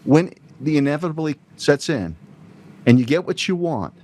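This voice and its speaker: Gravelly-voiced male guest. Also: fairly high pitch, lively intonation, normal speed, darkish tone. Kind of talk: casual political talk.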